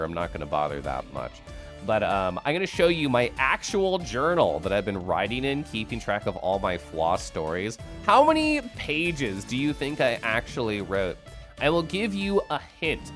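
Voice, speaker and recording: Hoarse Midwestern man streaming. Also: mid-range voice, fairly bright tone. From American Midwest. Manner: loose, profane and chatty with frequent laughs. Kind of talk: casual livestream chat.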